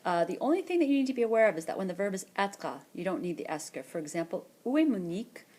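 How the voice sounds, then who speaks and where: A woman teacher narrating a screencast lesson, explaining patiently and repeating French words slowly for practice. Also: medium pitch, big pitch swings, darkish tone. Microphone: tablet or headset mic for screencast voice-over.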